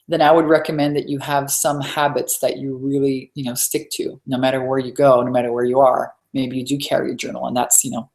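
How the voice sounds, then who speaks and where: A woman's voice: a bass voice, creaky. A woman business coach teaching a live webinar in a chatty, emphatic way, repeating her key points. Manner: chatty, conversational asides.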